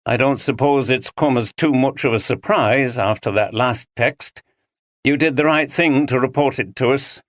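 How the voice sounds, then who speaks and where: A narrator voicing a calm, polite police detective speaking in a measured, sympathetic way. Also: mid-range voice, no room sound, pitched above the performer's own voice, lightly acted. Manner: measured, courteous.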